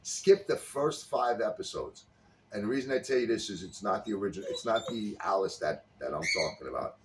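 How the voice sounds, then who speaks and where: A man's voice: lowish voice, expressive, brisk. A man in casual chat, animatedly retelling a sitcom scene and acting out the characters' lines. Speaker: podcast co-host. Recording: slightly distant mic with faint background noise.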